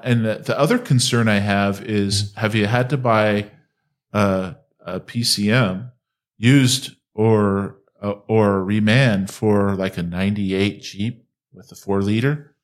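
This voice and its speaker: A man from Utah, a diagnostics instructor and guest, talking in a measured, dry way. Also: on the low side, fairly even intonation. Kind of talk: casual interview.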